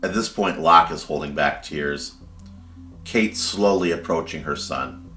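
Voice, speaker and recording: A man's voice: extremely low pitch, a little slow, pushed and bright, reverberant, soft background music. A man casually retelling a story he wrote, with fillers like "like" and "kinda". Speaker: fan storyteller.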